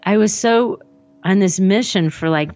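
Telling a story about herself in conversation, a woman wanders off on tangents, voices the dialogue, and fills it with "like." Her medium-pitched voice is a little mellow and measured, and the audio sounds dull.

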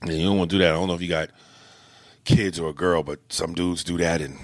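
A comedy podcast co-host reads a listener's email aloud, cracking crude jokes between lines and slipping into voices. His low voice is fast and fairly even in intonation, and the recording is dry.

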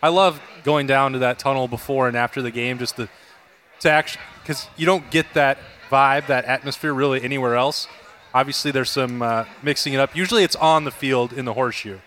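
A man's voice: medium pitch, a little fast, a bit bright, slight background noise. A man hosting a sports show, telling stories in an easygoing way during a casual chat.

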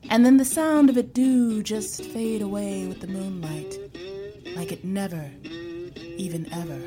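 Slow, hushed woman telling a folk tale. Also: medium pitch, steady tone, soft background music. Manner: slow, hushed, dramatic pauses. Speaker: storyteller.

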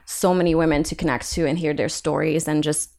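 Hungarian accent woman on a podcast, lowish voice, frank and animated, laughs a lot. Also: fairly quick, vocal fry. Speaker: illustrator guest. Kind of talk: podcast interview.

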